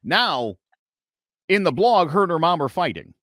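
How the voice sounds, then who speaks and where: A man's voice: fast, no echo, studio quality. A man guest on a podcast, telling a personal story in casual chat, swearing now and then and acting out the other people's lines. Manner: animated storyteller acting out quotes with big pitch swings.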